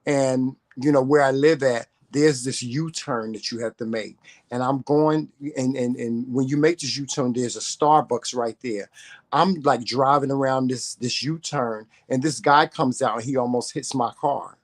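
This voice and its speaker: A man's voice: medium pitch, a little slow. Give me a man ranting to camera, profane and confrontational, hammering his points with repetition. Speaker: vlogger.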